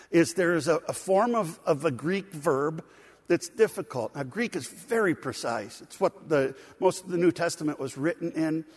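A man preaching a sermon as pastor, talking in a conversational way, asking the congregation to answer and laughing at his own jokes. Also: on the high side. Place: church sanctuary. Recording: long hall reverb.

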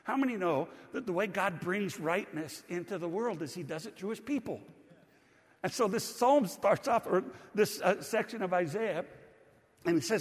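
High-voiced man preaching in a reverberant hall. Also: lively intonation. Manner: earnest, conversational preaching with slow emphatic quotes. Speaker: pastor. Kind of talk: sermon.

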